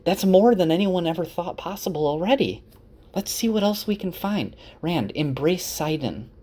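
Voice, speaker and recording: A man's voice: sits high, lively intonation, normal speed, warm tone, voice pushed up. A man voicing an earnest scolding young woman. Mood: insistent.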